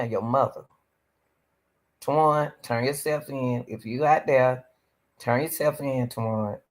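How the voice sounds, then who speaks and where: A woman's voice: a bass voice, takes it slowly, long pauses. A woman hosting a reaction stream, pleading and preaching as she comments on a video, often calling out to the Lord.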